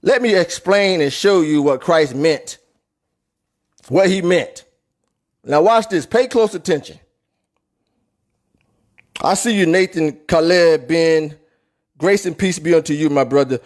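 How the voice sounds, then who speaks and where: A man preaching a Bible lesson, emphatic, repeating and rereading verses slowly. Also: on the high side. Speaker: Bible teacher. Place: New York City.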